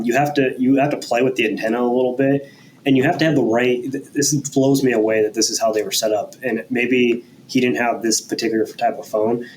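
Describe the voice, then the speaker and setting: A man casually discussing a movie as a podcast guest, speaking in a relaxed, practical way from his own experience. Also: medium pitch, a little hiss or hum, poor audio.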